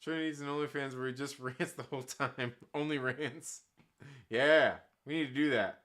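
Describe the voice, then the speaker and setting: A man's voice: medium pitch, fairly even intonation, moderate pace, a bit bright. A young man hosting a casual live stream, reading chat aloud and telling rambling, profane stories with frequent laughter.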